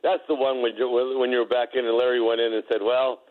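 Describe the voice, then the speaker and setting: A man tells a basketball story in a halting way, repeating words as he looks for them. His voice has ordinary pitch and reaches us as dull, lo-fi broadcast audio. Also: level tone. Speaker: former player telling a story. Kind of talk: casual anecdote.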